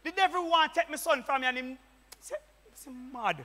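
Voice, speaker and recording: A Jamaican deacon preaches in patois, rising to fervent shouts. His voice sits very high and bright. Long reverb from the church hall trails each line. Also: a little fast.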